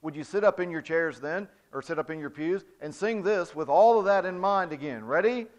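Captured on a dull, lo-fi recording, a church music director leads a spoken singing lesson for his congregation in the sanctuary. He speaks a little high and a little fast, explaining through physical demonstrations and shifting from quiet to loud to illustrate his points.

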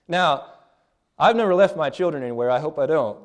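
A man's voice: on the high side, brisk. A man in his thirties preaching a sermon in an earnest, plain-spoken way, often restarting his phrases.

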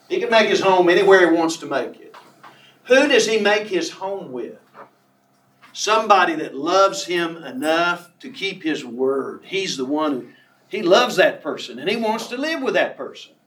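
A man preaching a sermon, emphatic, who reads scripture slowly and draws out key words. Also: fairly high pitch, expressive, a bit bright, far from the mic. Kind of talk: sermon on a Bible passage. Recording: echoey room from off the mic.

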